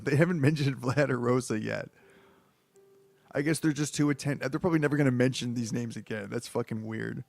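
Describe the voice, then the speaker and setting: A man's voice: medium pitch, a little fast, vocal fry, darkish tone, no echo, soft background music. A man with a head cold reading a book aloud, breaking off into crude, bewildered, self-mocking asides. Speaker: book reader. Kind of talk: comedic reading with rambling asides.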